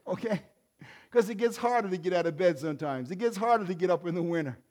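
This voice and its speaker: A man in his sixties, a pastor, preaching with emphatic swells and soft conversational asides. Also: high voice. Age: 60s. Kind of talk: sermon.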